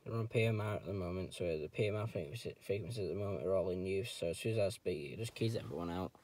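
A man's voice: sits low, fast. A man filming himself outdoors on a wooded hill, chatting casually over a handheld radio in slang and radio jargon. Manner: slangy, uses radio jargon, talks loudly when keying up. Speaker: radio hobbyist vlogger. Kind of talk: casual radio chat with commentary. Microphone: handheld radio and camera mic.

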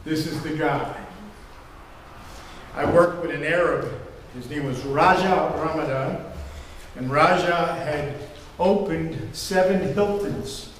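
A man's voice: fairly high pitch, slight background noise. An older man preaching a sermon as pastor, telling stories in a rambling, conversational way with fillers. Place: church sanctuary. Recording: echoey hall from far off, faint ambience.

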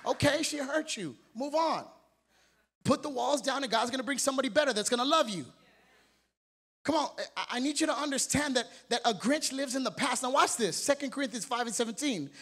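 Brief: energetic male preacher with a very high voice, firing questions at his church. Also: a little fast. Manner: energetic, exhorting, calls out questions to the congregation. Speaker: pastor. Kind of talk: sermon. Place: church sanctuary.

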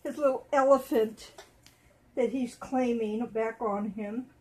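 A woman hosting a casual vlog at home, talking to viewers and cooing softly to her dolls. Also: fairly high pitch, steady tone, slow, breathy edge. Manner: doting, soft baby talk to her dolls. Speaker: doll channel host.

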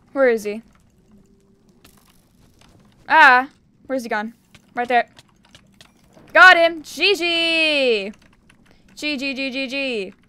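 A young woman giving excitable gameplay commentary, cheering and shrieking as she plays. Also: a little high, smooth, dry recording. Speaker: gaming YouTuber.

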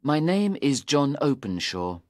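Man reading as a jittery young guy in his twenties, pleading, pitch all over, dry sound. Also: big pitch swings, measured pace, no echo. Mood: anxious. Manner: anxious and pleading. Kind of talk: audiobook character reading.

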